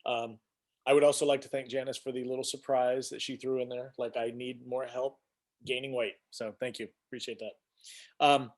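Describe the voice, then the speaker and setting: A man's voice: medium pitch, steady tone, normal speed. A man hosting a casual weekly live stream, rambling as he greets viewers by name and shares news. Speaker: host.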